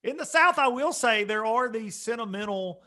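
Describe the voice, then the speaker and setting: A male podcast co-host who jokes and spins long, loose stories in a relaxed chat. His voice is high and bright. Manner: joking, drawn-out storytelling.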